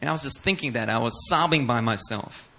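A man whose first language is Korean, preaching a sermon as a pastor and telling stories in an animated way, acting out voices and laughing often. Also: mid-range voice, quick pace. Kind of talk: sermon storytelling.

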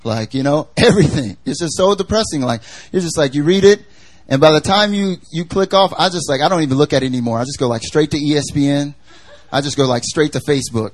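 A man's voice: on the high side, animated, brisk. A young man preaching a casual sermon, chatty and jokey, full of fillers as he tells stories.

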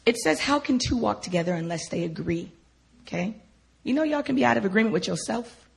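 A woman telling her personal testimony to listeners in an animated way, laughing often and speaking directly to them. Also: medium pitch, fairly quick, creaky, slightly rough.

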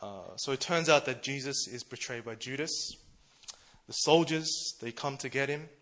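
A male preacher with a bright, forward voice gives a casual, chatty sermon. He talks the way friends talk, laughing at himself along the way. His pitch sits in the middle of the male range. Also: normal speed. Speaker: preacher, church treasurer.

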